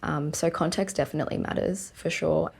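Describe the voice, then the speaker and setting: A woman's voice: sits low, fairly even intonation, fairly quick, vocal fry, slightly rough. A young woman sharing a candid, reflective testimonial that is full of "like" and "um". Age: young adult. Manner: reflective, many "like" and "um" fillers. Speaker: interviewee.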